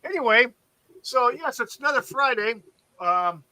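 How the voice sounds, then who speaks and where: A man hosts a live stream panel in a loose, joking way, trailing off into fillers. His voice sits very high and sounds bright and sharp. It comes through a video call mic. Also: lively intonation, moderate pace, no room sound, rough recording. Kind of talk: casual panel chat.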